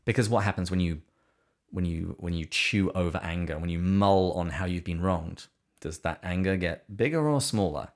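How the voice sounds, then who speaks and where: On a podcast, a male co-host with a notably deep, low voice chats in a relaxed, conversational way at a moderate pace. He discusses faith earnestly and reflectively, occasionally slipping in dry humor.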